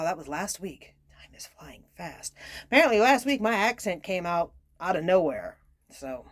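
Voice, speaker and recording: A woman giving a casual tarot reading, reading card meanings aloud between chatty, self-mocking asides. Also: mid-range voice. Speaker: tarot reader.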